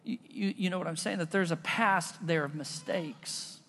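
A man's voice: high voice, moderate pace, a bit bright. A man preaching a sermon as a pastor, in a casual, conversational style that mixes stories into his preaching. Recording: long reverb of a large hall.

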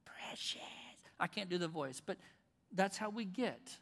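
A pastor preaching a conversational sermon, with bursts of loud emphasis. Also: male voice, high voice, lively intonation, normal speed, vocal fry. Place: church auditorium. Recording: long reverb in a large hall.

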